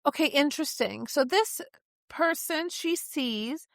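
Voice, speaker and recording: A woman co-hosting a podcast in casual book club chat, thinking out loud about theories with many restarts. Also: sits high, lively intonation, unhurried, vocal fry, no room sound, studio quality. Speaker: podcast co-host.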